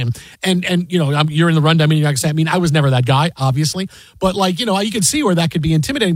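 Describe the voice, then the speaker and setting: Husky-voiced man telling a work story. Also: no echo. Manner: storytelling, acts out quotes in a higher voice. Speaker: sports talk show co-host. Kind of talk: casual radio chat.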